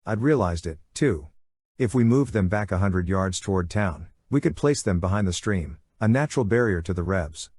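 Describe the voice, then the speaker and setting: A man narrating an audiobook in a steady, even storytelling manner. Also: low-pitched, moderate pace, husky, no room sound. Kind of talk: scripted narration.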